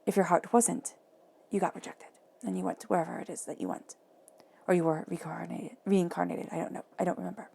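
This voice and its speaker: Gravelly-voiced woman giving a tarot reading. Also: fairly low pitch, steady tone, brisk. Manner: soft, reflective, repeats phrases for emphasis. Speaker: tarot reader.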